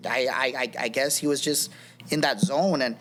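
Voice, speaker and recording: A man's voice: mid-range voice, fairly even intonation, normal speed, fairly bright tone, a little hiss or hum. A man in his thirties, a podcast guest, telling his personal testimony in a rambling casual way, full of restarts and "you know what I mean".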